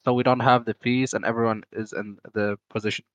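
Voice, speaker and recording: Halting man with a German accent. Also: mid-range voice, little pitch movement, no echo. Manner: halting, many restarts and self-corrections. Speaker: AMA host. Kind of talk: casual online Q&A.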